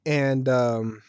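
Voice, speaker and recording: A man's voice: medium pitch, a little mellow, clean tone, no room sound. A man giving casual solo commentary as a video creator, talking in a chatty, rambling way like a fan. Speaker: video creator reviewing an anime series.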